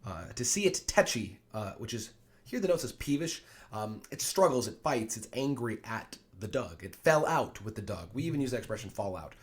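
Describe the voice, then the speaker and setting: A man's voice: lowish voice, animated, normal speed. A man teaching a play line by line, reading quoted lines in raised voices and then explaining them plainly.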